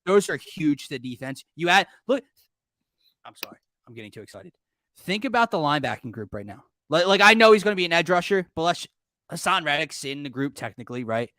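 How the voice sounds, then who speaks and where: A man with a slightly high voice hosts a casual sports talk show, and he keeps getting carried away mid-point. He talks fast and excitedly and trips over his own sentences. The sound is close and dry, with no room around it. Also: no echo. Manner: excitable, rambling, often self-interrupting. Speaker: podcast host.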